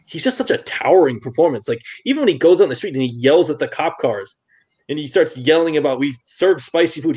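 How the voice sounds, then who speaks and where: A man's voice: mid-range voice, darkish tone, breathy edge, dull audio. A man talking enthusiastically in a casual podcast chat about a film, piling up emphatic phrases. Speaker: podcast co-host or guest.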